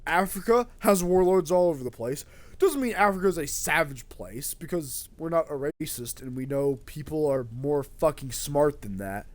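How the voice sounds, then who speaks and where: A man's voice: a little high, no room sound. A young man streaming a game, rambling and swearing freely in casual chat with a friend. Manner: rambling, excitable, swears a lot.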